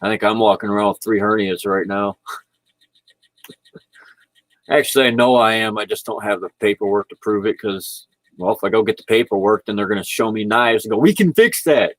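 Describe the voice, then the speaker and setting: A man's voice: on the low side, little pitch movement, fairly quick, a bit bright, no echo, poor audio. A man chatting casually about spirituality into his computer microphone, rambling and laid-back, laughing often. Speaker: vlogger. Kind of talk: casual spiritual livestream chat. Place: indoors at home, speaking into a computer.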